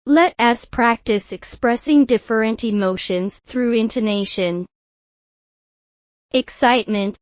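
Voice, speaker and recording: A woman teaching English pronunciation in a scripted lesson, speaking slowly and carefully over-articulating each example word. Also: fairly high pitch, no echo, lo-fi sound.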